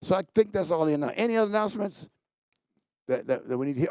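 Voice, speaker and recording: A man's voice: fast talker, clear, resonant tone, no echo. A man hosting a church talk show, giving casual announcements in a playful way and joking with the studio crew. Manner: playful, jokes with the crew, animated pitch jumps. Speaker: pastor and show host. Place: studio set.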